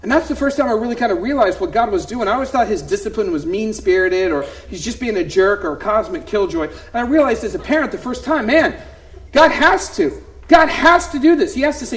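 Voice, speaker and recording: A man in his thirties, a youth pastor, tells stories in a one-man comedy show at a theater, his voice high-pitched, animated, and a little fast. He shifts dramatically from hushed asides to loud outbursts.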